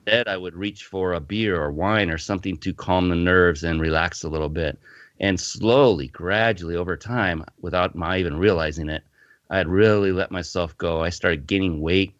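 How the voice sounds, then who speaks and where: In a casual podcast interview, a man with a deep voice, the founder of a fitness company, tells a personal story with animation and frequent restarts. The recording is muffled, lo-fi, and dry.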